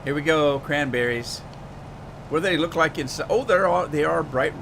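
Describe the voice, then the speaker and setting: A man's voice: on the high side, moderate pace. Guy live streaming a farm game, chatting to viewers, lots of uhs, hum in the background. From Pacific Northwest of the United States. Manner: rambling, talks to chat viewers by name, many fillers. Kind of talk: casual live stream chat over gameplay.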